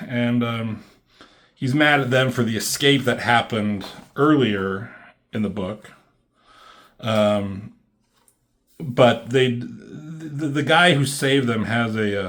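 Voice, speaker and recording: A man casually reviewing a comic book, rambling and swearing freely, with lots of ums and likes. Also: medium pitch. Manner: rambling and profane, many fillers like "um" and "like".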